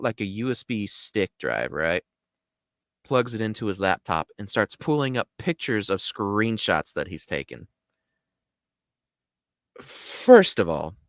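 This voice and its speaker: A man tells a story in a casual, rambling way, his pitch swinging lively up and down. He slides between "like" and "you know" and mimics others in high, squeaky tones. The sound is close and dry, with no room around it. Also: no echo. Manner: animated, acts out others' lines in squeaky high voices; loose, full of "like" and "you know". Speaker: podcast storyteller.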